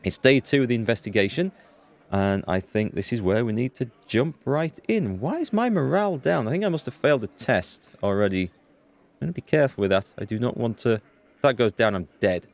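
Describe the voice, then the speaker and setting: A man's voice: mid-range voice, animated, fairly quick. A man hosting a let's play, chatting casually as he thinks aloud and reads game dialogue, chuckling at the text.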